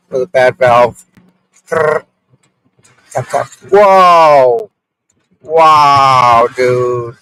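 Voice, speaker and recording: A livestream host chats casually with viewers from his car, rambling and grumbling at other drivers as he goes. His mid-range male voice has a fairly bright tone, and the recording is low quality.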